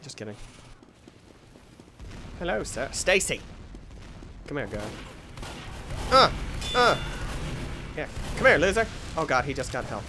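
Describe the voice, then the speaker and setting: A man hosting a gaming channel, giving excitable let's play commentary that swings into yelps and shouts when frustrated, often mocking himself. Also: on the high side, measured pace, pauses often, noisy background.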